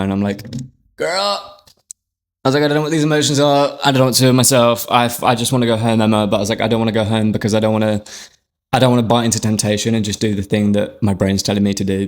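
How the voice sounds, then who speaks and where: Chatty young man, low voice. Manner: chatty, rambling, sweary, lots of "like". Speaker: podcast host. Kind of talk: candid personal storytelling.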